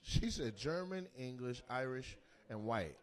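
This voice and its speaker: A man doing stand-up crowd work in a comedy club, loud and teasing, and slipping into playful mock voices. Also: mid-range voice, animated, a little slow, noisy background. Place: comedy club stage before a live audience.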